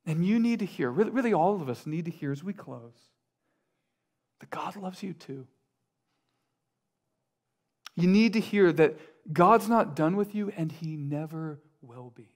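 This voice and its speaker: High-voiced male pastor preaching earnestly. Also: expressive, moderate pace, hardly any pauses. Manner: earnest, building repetition with sudden quiet drops. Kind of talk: sermon.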